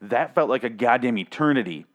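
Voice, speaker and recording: A man's voice: mid-range voice, lively intonation, brisk, muffled recording. A man rambling through a casual solo recap of a TV episode, profane, joking and self-mocking.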